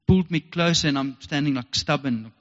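A man's voice: on the high side, a little fast. An earnest South African man preaches a heartfelt sermon, circling back to the same phrases. His voice carries a long reverb through a church hall. The recording is dull and lo-fi. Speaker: pastor.

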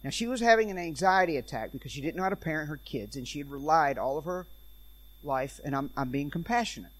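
A man preaching in a church, telling animated stories and acting out the people in them. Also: fairly high pitch, fast. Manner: animated storyteller, acts out quoted voices. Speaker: traveling preacher and speaker on parenting.

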